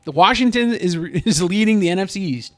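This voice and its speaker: Frustrated, rambling man with a highish voice. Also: expressive, fairly quick. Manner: rambling, frustrated, frequent restarts. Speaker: sports fan vlogger. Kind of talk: casual venting vlog.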